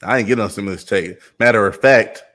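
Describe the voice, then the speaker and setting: Low-voiced young man telling a brash story. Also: brisk, fairly bright tone. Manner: boastful, slangy and profane storyteller. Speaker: podcast co-host. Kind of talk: casual chat.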